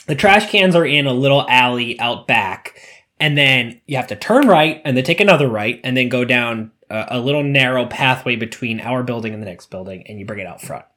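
Animated man telling a story. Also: mid-range voice, a little fast. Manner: animated storyteller, acts out voices. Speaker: podcast co-host. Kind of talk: casual chat.

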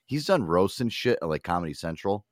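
A man's voice: low voice, sing-song, fairly quick, dry recording, studio quality. A man hosting a podcast in loose, profane, enthusiastic casual chat. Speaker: podcast host.

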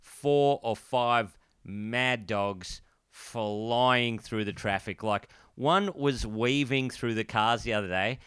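A man's voice: medium pitch, slow, hardly any pauses, a bit bright, clean tone, no room sound, clean studio sound. A young Australian man co-hosting a podcast, laid-back and rambling as he tells stories. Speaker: podcast co-host. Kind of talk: casual podcast banter.

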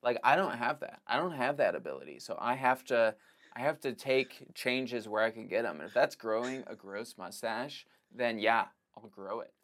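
A man guesting on a podcast, chatting casually in a quick, hesitant way. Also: medium pitch, expressive, a bit bright.

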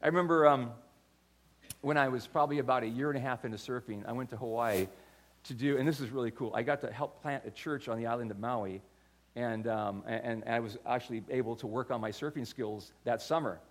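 A man's voice: mid-range voice, brisk. An older man giving a sermon, telling stories in a conversational way with frequent restarts and repeated words. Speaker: pastor.

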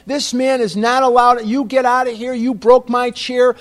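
A man voicing a rude male dentist who yells insults and scolds in a raised, indignant voice. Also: extremely high pitch, level tone, moderate pace, voice pushed up. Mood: enraged scolding.

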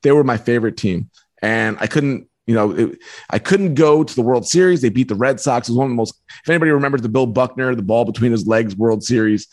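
A man, a book author and podcast guest, telling a personal story in a lively way. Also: medium pitch, quick pace. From New York. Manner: lively, acts out voices in anecdotes. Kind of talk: animated storytelling.

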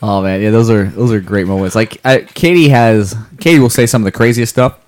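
A man's voice: lowish voice, a little fast, darkish tone. A man on a podcast talking about his kids and running in a rambling, playful way, often restarting sentences. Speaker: podcast co-host. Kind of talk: casual chat.

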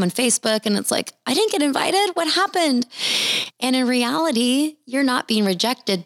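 A woman's voice: low-pitched, no room sound, clean studio sound. A middle-aged woman sharing a Christian testimony in an earnest, heartfelt storytelling manner. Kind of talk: personal testimony talk.

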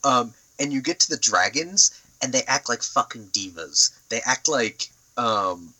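Bright-voiced young man rambling casually. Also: medium pitch, measured pace, low-quality recording. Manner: rambling and animated, heavy on fillers and swearing. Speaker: podcast co-host. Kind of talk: casual chat.

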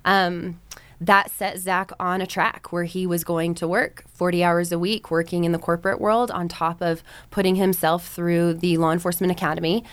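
A woman in her thirties from the United States, appearing as a podcast guest, tells her personal story with candid, reflective earnestness and frequent "um"s and "like"s. Her voice is lowish with little pitch movement, her pace moderate, and the recording has no room sound.

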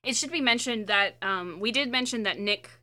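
A woman's voice: on the high side, moderate pace, sharp tone. A woman co-hosting a podcast, chatting casually and adding sarcastic remarks. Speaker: podcast co-host. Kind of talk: casual recap chat.

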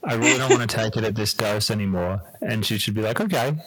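A man's voice: on the low side, steady tone, fast, a bit bright, husky, no room sound, poor audio. A man hosting a podcast interview, sympathetically summing up what his guest says. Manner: empathetic, sums up the guest's story. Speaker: podcast host. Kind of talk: interview conversation.

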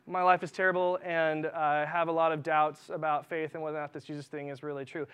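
A man's voice: high voice, fairly even intonation, fast talker, hardly any pauses, fairly bright tone, clear, resonant tone, dull audio. A man preaching a sermon in a church, reading scripture with passion and talking conversationally with fillers.

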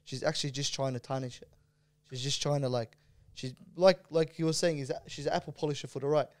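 A man's voice: medium pitch, steady tone, fast, darkish tone, no room sound. A man with a mid-range voice talks animatedly in a casual podcast, stumbling over restarts and tossing in "bro". His voice is recorded close and dry. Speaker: podcast co-host.

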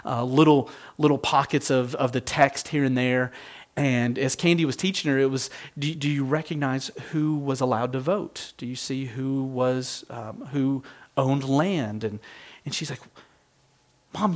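Middle-aged guy preaching, earnest and reflective, chatty sermon tone, normal mid pitch. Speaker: pastor.

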